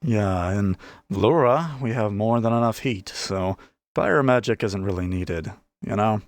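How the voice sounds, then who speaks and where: A man's voice: on the low side, a little slow, no room sound. A man voicing a prickly young cat-folk woman who answers curtly and irritably. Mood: irritated. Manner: irritated, snappish.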